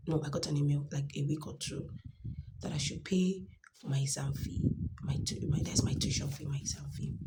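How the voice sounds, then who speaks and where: Low gravelly Nigerian woman. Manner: earnest, emphatic, drops to soft near-whispers. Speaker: student sharing her story. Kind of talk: personal testimony.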